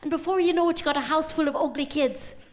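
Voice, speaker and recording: High-voiced woman telling a comic tale. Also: background noise. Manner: brisk, conspiratorial, mock-serious. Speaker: comedy singer on stage. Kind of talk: live comic storytelling.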